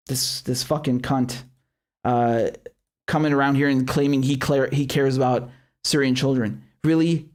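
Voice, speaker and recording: A man's voice: medium pitch, steady tone, unhurried. A man hosting a live stream, commenting bluntly with heavy swearing and many restarts, then reading viewer chats. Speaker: show host.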